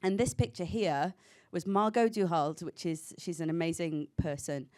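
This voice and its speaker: A woman actor in a panel chat, telling animated stories and laughing often. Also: on the low side, normal speed.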